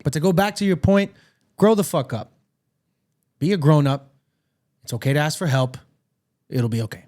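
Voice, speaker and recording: A man co-hosting a podcast, telling stories in an animated, profane, casual way. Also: on the high side, normal speed. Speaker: podcast co-host. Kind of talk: casual chat.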